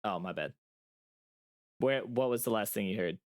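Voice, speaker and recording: A man's voice: lowish voice, normal speed. A man co-hosting a podcast in casual chat over a remote call, joking and playfully stubborn. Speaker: podcast co-host. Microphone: remote call mic.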